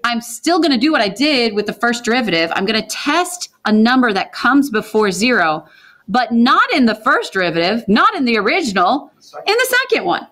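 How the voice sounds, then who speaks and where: Woman, math teacher in a classroom, brisk, quizzes the students as she works. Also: a little high, big pitch swings, a bit bright. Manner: brisk, asks the class questions and answers them. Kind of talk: classroom lecture with questions to students.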